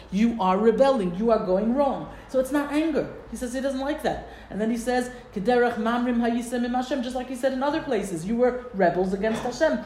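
A woman teaching a classroom text study, reading Hebrew quotes and acting out the sages' arguments with lively emphasis. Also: on the high side. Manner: animated, quotes Hebrew texts and voices sages. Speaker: Torah teacher. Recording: echoey room, faint background noise.

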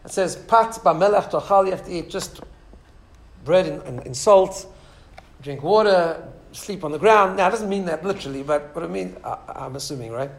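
A man's voice: high voice, moderate pace, vocal fry. A man teaching a Torah class in an informal way, telling stories with lots of restarts and asides to a small audience. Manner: animated storyteller, many restarts and asides.

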